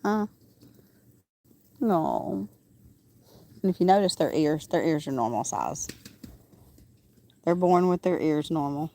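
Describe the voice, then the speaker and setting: Speaking with a low, warm voice, a woman livestreams from outside on her small farm as roosters crow and animals call. She's animated at a moderate pace, pausing often, rambling casually with frequent "um" fillers.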